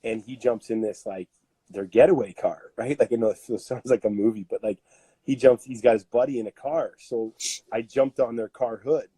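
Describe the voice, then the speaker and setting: Canadian guy in his 30s, loose animated storyteller, husky, dry close mic. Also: mid-range voice, moderate pace, dry recording. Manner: animated, laughing, full of fillers. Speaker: podcast guest, strength coach. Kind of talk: casual storytelling.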